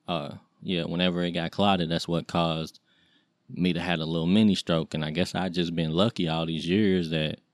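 A man in his late thirties talks through his own story in a very deep voice. His delivery is loose and rambling, full of slang and fillers, and his pitch barely moves. The recording is dry and close, with no room sound. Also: no echo. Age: 30s. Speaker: podcast host. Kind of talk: casual personal storytelling.

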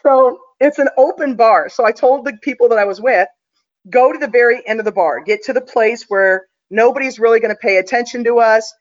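A woman's voice: a little high, fairly quick, muffled recording. A woman guest telling a story in a casual, confident, chatty way, with plenty of fillers.

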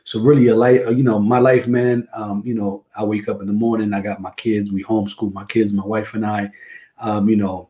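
Middle-aged male guest imam from New Jersey; low, relaxed storyteller who peppers in Arabic phrases. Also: a little fast. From New Jersey, USA. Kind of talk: casual interview talk.

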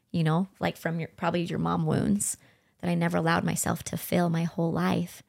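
A middle-aged woman co-hosting a podcast, speaking gently and earnestly as she reflects on her own experiences. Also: fairly low pitch, little pitch movement, brisk, creaky. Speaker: podcast co-host. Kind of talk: heartfelt conversational podcast talk.

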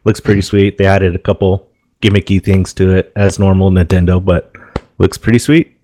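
A man hosting a casual podcast chat, talking in an offhand, relaxed way. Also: low voice, normal speed, no room sound. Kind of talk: casual chat about games.

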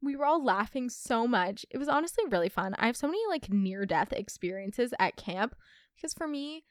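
Lively, chatty young woman podcaster. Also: on the high side, moderate pace, dry recording, studio quality. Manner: chatty, expressive, reads listener stories aloud. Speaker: podcast host. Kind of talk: casual storytime podcast.

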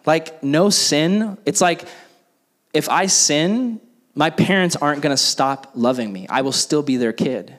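A man's voice: fairly high pitch, unhurried. A young man preaching a youth sermon in a casual style, full of fillers like "like", and then leading a closing prayer. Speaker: youth pastor.

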